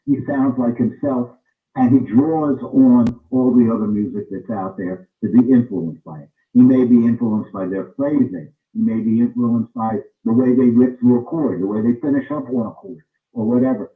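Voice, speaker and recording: A man talks through his views in an interview, pressing his points and repeating them for stress. His voice sits at an ordinary pitch. It comes through thin and phone-like, from a distance in a roomy space. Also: normal speed. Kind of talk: interview answer, explaining. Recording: tinny phone-like sound, roomy, off-mic.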